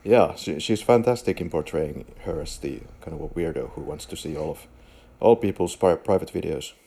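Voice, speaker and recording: A man co-hosting a film podcast, chatting in a relaxed, rambling way. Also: extremely low pitch, moderate pace, slightly rough. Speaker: podcast co-host. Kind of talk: casual film chat.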